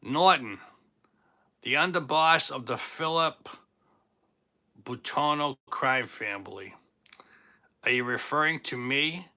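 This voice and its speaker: A man in his fifties from Boston, Massachusetts, accent and all, runs a laid-back livestream where he chats and jokes over viewer comments. Medium in pitch, bright and forceful, he talks slowly with frequent pauses, staying jokey and self-teasing.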